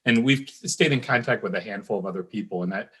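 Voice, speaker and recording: A man's voice: lowish voice, quick pace, fairly bright tone, slightly rough. Rambling fifties alumni man. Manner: rambling storyteller, many ums and restarts. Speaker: alumni guest. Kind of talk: casual reminiscing.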